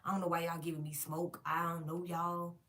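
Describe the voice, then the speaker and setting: A woman vlogger telling a casual storytime monologue straight to her viewers, animated and emphatic, with plenty of swearing. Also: on the low side, fairly quick. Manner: directly addresses viewers.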